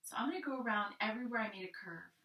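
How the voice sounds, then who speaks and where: A woman teaching a children's art lesson step by step, gently encouraging and thinking aloud as she colors with crayons. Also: medium pitch, animated, very fast, roomy sound, far from the mic, muffled recording.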